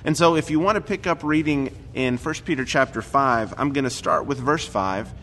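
A man's voice: medium pitch, moderate pace, fairly bright tone, a little hiss or hum. A man preaching a conversational sermon in a church, talking casually with frequent fillers. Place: church sanctuary. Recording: recorded church sermon with hall reverb.

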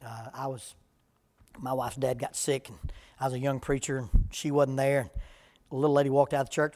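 A man's voice: medium pitch, fairly quick. A middle-aged man, a preacher giving a folksy, joking talk on parenting to a live audience. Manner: humorous storytelling, deadpan jokes.

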